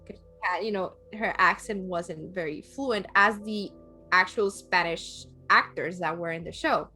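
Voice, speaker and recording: A woman from Puerto Rico, a guest in a casual chat, talking with animated energy and laughing often. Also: fairly low pitch, unhurried, faint music behind.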